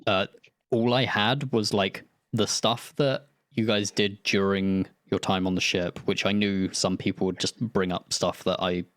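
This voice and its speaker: A man's voice: lowish voice, steady tone, unhurried, fairly bright tone, dry recording, studio quality. A man running a tabletop game, chatting loosely after the session, swearing and laughing as he goes. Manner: loose and rambling, swears, laughs mid-sentence. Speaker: game master. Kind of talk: casual post-session chat.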